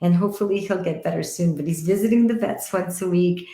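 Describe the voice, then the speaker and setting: A woman with a warm, lowish voice talks a little quickly while livestreaming psychic readings from an echoey room at home. Her casual chat is affectionate, full of honey and sweetheart, picked up by a headset or computer mic.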